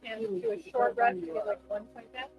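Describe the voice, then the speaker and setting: Very high-voiced man playing a tabletop game. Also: big pitch swings, moderate pace, vocal fry, lo-fi sound, soft background music. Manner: hesitant, asks many rules questions. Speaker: player. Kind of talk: casual tabletop game chat.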